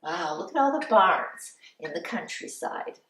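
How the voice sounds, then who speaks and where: A woman hosting a children's story time, singing songs and reading a storybook aloud in an animated, sing-song way with animal sounds. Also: on the low side, measured pace. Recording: roomy sound from a distant mic.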